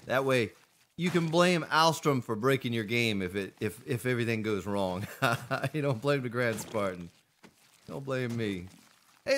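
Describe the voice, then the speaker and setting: A man's voice: lowish voice, a bit bright, slight background noise. A man streaming a survival game, chatting casually with viewers and greeting them by name. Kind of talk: casual gameplay commentary.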